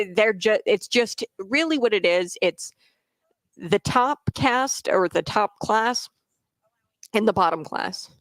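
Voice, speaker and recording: A woman's voice: mid-range voice, dry recording. A woman hosting a political commentary show, talking in a casual monologue with many fillers and restarts, and answering viewer comments.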